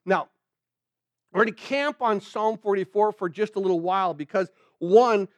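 A man with a high voice preaches an earnest sermon, working through scripture verse by verse. He keeps asking the congregation questions and answering them himself. The sound is close and dry, with no room echo. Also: moderate pace. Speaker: pastor. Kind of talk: sermon, verse-by-verse Bible teaching.

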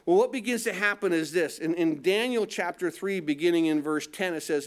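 A man's voice: high-pitched, a little fast, few pauses. A man preaching a sermon, asking the congregation questions and answering them, building in intensity as he goes. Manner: call-and-response questions, rising in intensity. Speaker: pastor.

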